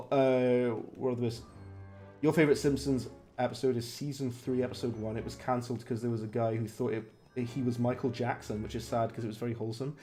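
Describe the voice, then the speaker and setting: A man's voice: medium pitch, dark tone. A young man chatting casually on a stream, reading chat and reacting with a rambling, laughing manner. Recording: faint music behind. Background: faint music.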